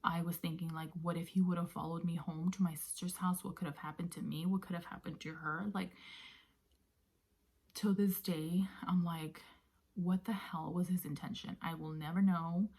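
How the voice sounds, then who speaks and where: A woman vlogger casually telling a personal story, often sinking into a breathy near-whisper, with many fillers. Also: fairly low pitch, level tone, moderate pace, a little mellow. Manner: conversational with many fillers like "you know".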